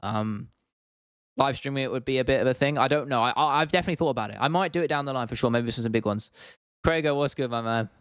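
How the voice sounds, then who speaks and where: A man's voice: medium pitch, fast, fairly bright tone, clear, resonant tone, no room sound, clean studio sound. A young man from England hosting a casual livestream, reading out chat comments and rambling with frequent restarts and laughs. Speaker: livestream host.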